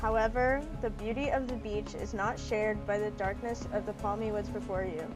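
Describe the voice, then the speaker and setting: A woman's voice: mid-range voice, steady tone, moderate pace, music in the background, poor audio. A woman streaming a dating sim, chatting playfully and reading the story text aloud with a lot of giggling. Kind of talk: casual gaming commentary, reading game text aloud.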